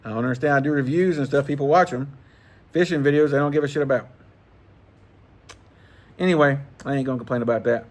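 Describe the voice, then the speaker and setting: A middle-aged man talks in a loose, rambling vlog style. His pitch sits in the ordinary middle, and he swears freely with easy chuckles. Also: quick pace, long pauses. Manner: rambling, profane, laid-back, chuckling. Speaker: fishing channel host. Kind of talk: casual vlog chat.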